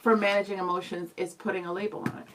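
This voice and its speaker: A young woman co-hosting a radio show, chatting casually and reading viewer comments aloud in a lively way. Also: mid-range voice, fast talker, a little hiss or hum, poor audio. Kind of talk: casual live-stream chat.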